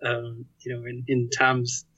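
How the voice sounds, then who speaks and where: Laid-back man, bright voice, dry lo-fi. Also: mid-range voice, monotone, measured pace, breathy edge, no room sound. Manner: laid-back, chatty, lots of "like" and "you know". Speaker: guest, game developer and musician. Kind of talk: casual interview chat.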